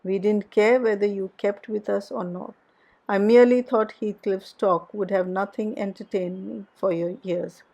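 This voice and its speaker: A woman's voice: medium pitch, steady tone, moderate pace, gravelly, mellow, muffled recording. A woman reading aloud, voicing an imperious young lady who scolds in a raised, emphatic voice. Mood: scornful. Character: imperious young lady, scornful and sharp-tongued.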